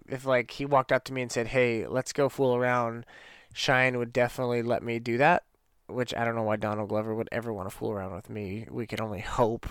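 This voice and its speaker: A man's voice: mid-range voice, clear, resonant tone, no room sound, studio quality. A man chatting casually on his own, rambling and poking fun at himself. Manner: rambling, self-mocking, trails off and restarts. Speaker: vlogger. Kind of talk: casual solo chat.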